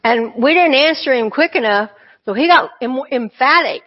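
A woman's voice: high voice, lively intonation, normal speed. Woman telling a testimony, muffled audio. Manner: earnest, conversational, with frequent asides. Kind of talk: personal testimony storytelling. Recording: dull lo-fi recording.

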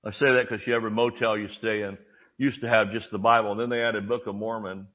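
A pastor talks fast in a fairly low voice, preaching animatedly through stories where he performs different voices and drops jokes. The sermon recording sounds dull and lo-fi.

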